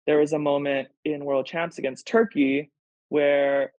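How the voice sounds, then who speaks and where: A man's voice: fairly high pitch, flat delivery, measured pace, a little mellow, no echo. A man speaking as a podcast guest in casual conversation, earnest and emotional, with frequent "like" fillers. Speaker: podcast guest, pro volleyball player. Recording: dull lo-fi sound.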